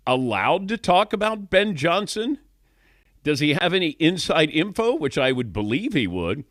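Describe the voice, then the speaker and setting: A man's voice: mid-range voice, a bit bright, no echo, studio quality. A middle-aged man hosting a sports talk radio show, wry and questioning, chuckling often. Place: radio studio.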